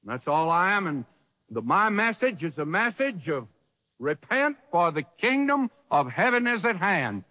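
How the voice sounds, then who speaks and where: A man preaching puts on the voice of a stern prophet from the wilderness, speaking slowly and proclaiming with raised pitch. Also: very animated, sharp tone, lo-fi sound, heavily acted.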